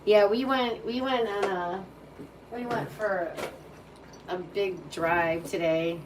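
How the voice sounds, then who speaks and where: A woman's voice: medium pitch, steady tone, slow pace. A woman tarot reader chatting casually and cooing in baby talk to her dog. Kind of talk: casual chat. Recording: distant mic with faint background hum.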